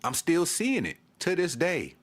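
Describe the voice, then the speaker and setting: A man's voice: fairly high pitch, wildly swooping pitch, unhurried, a bit bright. A man vlogging a fan rant, exasperated, repeating himself and stammering as he restarts. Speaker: sports vlogger. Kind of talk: ranting fan commentary to camera.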